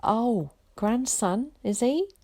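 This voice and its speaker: A woman voicing a kind bus conductress who talks loudly and clearly. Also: a little high, expressive, takes it slowly, dry recording, pitched above the performer's own voice. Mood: kindly. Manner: kind, raised voice. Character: kindly loud bus conductress.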